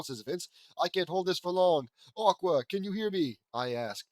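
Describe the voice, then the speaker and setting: A man reads fan fiction aloud, stopping now and then to poke fun at the story with wry, sarcastic remarks. His voice sits a little high, and he pushes it higher still for the quoted characters. The sound is dry and close, with no room echo. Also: sing-song, brisk, hardly any pauses. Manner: mocking, wry commentary between read lines. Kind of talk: reading aloud with sarcastic asides.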